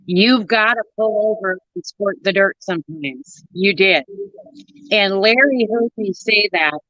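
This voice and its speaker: A woman's voice: medium pitch, a bit bright, dry recording. A woman trucker from northern Minnesota with a Minnesota accent, co-hosting a casual livestream chat in a folksy way. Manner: chatty, folksy, laughs easily. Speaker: co-host, trucker. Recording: dull lo-fi stream audio.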